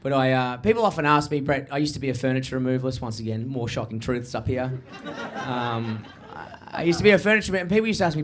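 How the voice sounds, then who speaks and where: A young man doing a high-energy stand-up comedy set, swearing freely and acting out the people in his stories. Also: fast talker. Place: comedy stage before a live audience.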